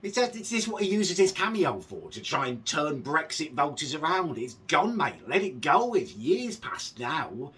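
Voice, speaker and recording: Sarcastic ranting man, bright husky voice. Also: on the high side, sing-song, normal speed, hardly any pauses, distant mic. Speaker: reaction video host. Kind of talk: casual reaction commentary.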